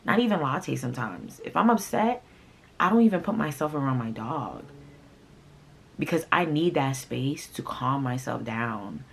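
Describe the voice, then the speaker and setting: Young woman, native Haitian Creole speaker, casual storytelling, very deep voice, breathy and husky. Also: moderate pace. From Haitian family. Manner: animated, with sudden loud outbursts and asides to viewers. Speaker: vlogger.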